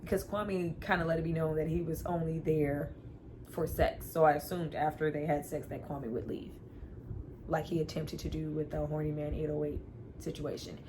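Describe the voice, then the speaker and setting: A woman's voice: deep voice, fairly even intonation, normal speed, dark tone, slight background noise, rough recording. A woman casually recapping and reviewing a TV episode, animatedly acting out the characters' lines with sighs and laughs. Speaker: TV review vlogger.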